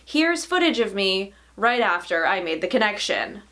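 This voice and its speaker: A woman hosting a vegan vlog, talking in an animated, sarcastic way and laughing often. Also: mid-range voice, moderate pace. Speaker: vegan YouTube host. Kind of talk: casual vlog commentary.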